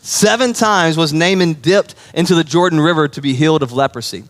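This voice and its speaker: A man's voice: a little high, a little fast. A man preaching a sermon as pastor, telling stories in a conversational way and often checking in with his listeners. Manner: conversational storytelling, checks in with the audience.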